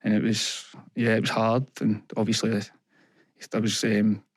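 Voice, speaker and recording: A young Scottish man speaks in an earnest, halting way, retelling events and quoting other people as he goes. His pitch stays fairly level and even, and the sound is close and dry with no room around it. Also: dry recording. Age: young adult. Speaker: podcast guest. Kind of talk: candid personal interview.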